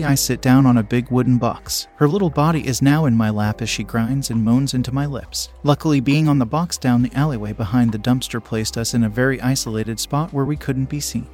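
A young man narrating an adult story in first person, reading in a low, steady, unhurried way.

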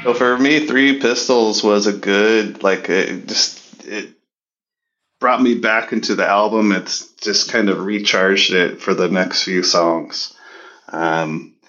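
A man's voice: fairly low pitch, steady tone, slow pace, fairly bright tone. A man co-hosting a podcast, chatting casually about an album and rambling with many restarts. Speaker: podcast co-host. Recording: dull lo-fi audio.

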